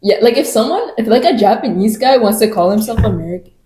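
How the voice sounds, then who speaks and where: A woman co-hosts a podcast, offhand and easygoing. Her voice is warm and mellow, with the echo of a bare room around it. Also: on the high side, animated, fast talker. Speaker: podcast co-host. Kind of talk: casual chat.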